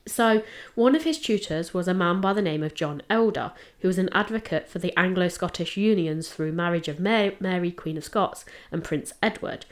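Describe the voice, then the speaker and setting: A woman's voice: lowish voice, moderate pace, few pauses. A woman co-hosting a podcast, telling a history case in rambling casual chat. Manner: chatty, rambling, with fillers and self-checks. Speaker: podcast co-host presenting the case.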